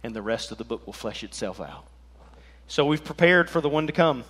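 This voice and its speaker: A man preaching an animated sermon as pastor, joking and swinging between loud and soft. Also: medium pitch, fairly quick, a little hiss or hum.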